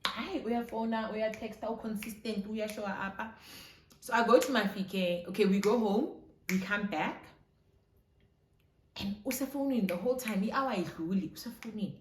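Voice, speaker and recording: A young South African woman telling a casual storytime, animated and switching between English and isiZulu. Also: mid-range voice, moderate pace, slight background noise. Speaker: vlogger. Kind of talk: storytime chat. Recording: roomy echo.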